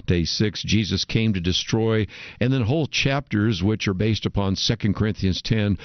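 A man hosting a faith radio program, interviewing a guest in a measured way. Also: on the low side, no echo. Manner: measured, leads into segments and breaks. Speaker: radio show host. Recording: dry, dull lo-fi radio audio.

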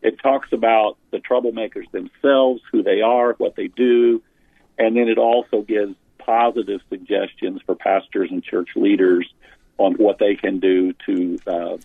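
A man with a fairly low, fairly even voice, unhurried, with vocal fry and a husky quality, is interviewed as an author and pastor about church leadership. The dry recording has a phone-line sound, and he explains his points earnestly, restarting often.

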